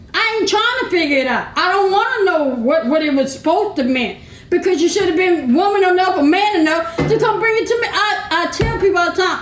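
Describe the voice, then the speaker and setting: A very high-pitched woman talks bluntly and with emphasis, laughing between points. Her voice rings through an echoey room in this casual chat. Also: a bit bright. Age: 50s. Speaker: podcast co-host.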